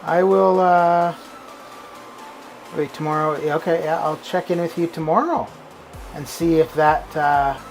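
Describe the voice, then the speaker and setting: Game streamer, mid-pitch voice, loose rambling chat, keeps restarting sentences, faint music underneath. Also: measured pace, long pauses, low-quality recording. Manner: rambling, with frequent restarts and fillers. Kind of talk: casual live-stream chat. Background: faint background music.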